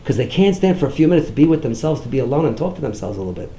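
Animated middle-aged man preaching with stories. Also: very fast, echoey room, low-quality recording. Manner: animated, swings up high when quoting others. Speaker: rabbi giving a talk on outreach. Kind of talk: storytelling sermon.

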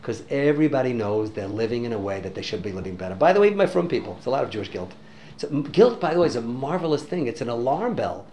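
A man telling a story in a religious talk to an audience, animated and sprinkling in Hebrew and Yiddish words. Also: mid-range voice, fast, slight background noise. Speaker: religious teacher.

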